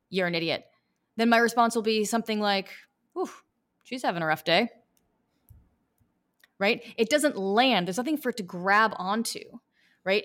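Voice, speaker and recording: Animated woman coach, interview guest. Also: medium pitch. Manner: animated, lively, acts out reactions. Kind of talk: conversational interview.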